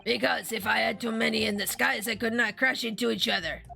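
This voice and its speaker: A boastful male balloon operator in a video game, drawling in a theatrical mock Italian accent, as a woman reads him aloud. The voice is heavily gravelly and bright, pitched a little high, with faint music behind. He talks up his trade with showy pride. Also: steady tone, fairly quick, heavily acted.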